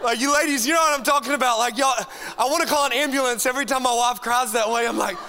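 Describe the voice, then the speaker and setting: A high-voiced man preaches with lots of energy, cracking jokes and calling out to the crowd. His tone is bright and sharp, and a long reverb from the big church hall trails after each phrase. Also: fast talker. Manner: animated, joking, talks straight to the crowd. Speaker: youth pastor. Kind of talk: energetic sermon to a congregation.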